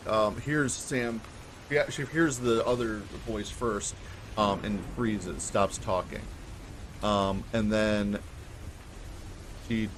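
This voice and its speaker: A man's voice: fairly low pitch, slight background noise. A man narrating a tabletop game as game master, in a casual, hesitant way with many fillers.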